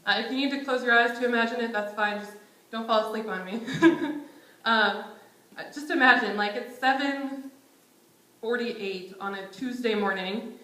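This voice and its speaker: A woman's voice: a little high, pushed and bright. A young woman preaching a conversational sermon in a church, casual and self-deprecating, often chuckling. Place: church sanctuary. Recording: roomy church sanctuary echo.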